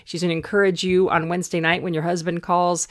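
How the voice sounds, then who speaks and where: A woman's voice: on the low side, flat delivery, fast talker. A middle-aged woman hosting her own podcast as an anxiety coach, talking candidly and conversationally about her own stress. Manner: candid, conversational, self-reflective. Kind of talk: casual podcast monologue.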